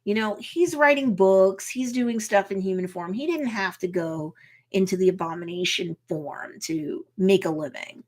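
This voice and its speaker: Woman, attorney, casual episode recap, lively storyteller, chatty. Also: medium pitch, moderate pace. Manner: lively storyteller who acts out characters' lines; chatty, with frequent um and you know. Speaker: attorney reacting to a TV series.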